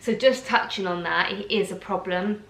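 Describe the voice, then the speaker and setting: A woman's voice: medium pitch, moderate pace, a bit bright. Young essex woman ranting to camera, heated, keeps restarting, echoey room. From England, Essex. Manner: heated, talks in bursts with restarts. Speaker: vlogger. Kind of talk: casual rant to camera.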